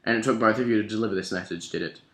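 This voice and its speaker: A man's voice: on the low side, racing, fairly bright tone, lightly acted. A man reading out the lines of a sarcastic, grim male post-human warrior from a novel, in an Australian accent. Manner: dry, bitter sarcasm. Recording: echoey room.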